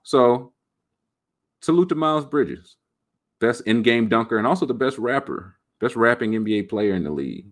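A man hosting a podcast, rambling about sports in an animated, jokey way. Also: mid-range voice, normal speed. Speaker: podcast host. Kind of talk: casual sports talk.

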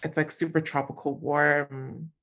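A woman from California telling a story in a casual, animated way, full of slang and frequent laughter. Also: low-pitched, measured pace. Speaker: guest.

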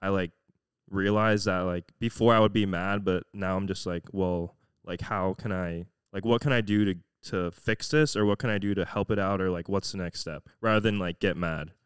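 Low-voiced young man, hesitant reflective chat. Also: fairly even intonation, moderate pace, smooth, no room sound, studio quality. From Florida. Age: young adult. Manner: hesitant, reflective, many "like" fillers. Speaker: podcast co-host. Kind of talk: casual chat.

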